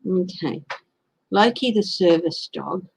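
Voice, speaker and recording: A woman's voice: fairly low pitch, expressive, takes it slowly, gravelly, darkish tone, slightly rough, poor audio. A woman with an Australian accent doing a casual live-stream tarot reading, chatting and greeting viewers by name. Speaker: tarot reader.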